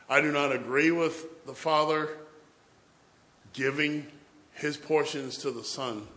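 In a church where the congregation responds, a man preaches a sermon full of humorous stories, acting out family scenes. His voice is medium in pitch with a fairly bright tone.

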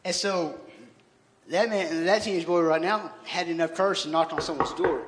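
Filling in for his pastor in a church sanctuary, a lay church member gives an earnest, informal sermon, speaking conversationally and often restarting his words. His voice is fairly high, steady, fairly bright, and moderately paced, recorded with long church-hall reverb and a little hiss or hum.

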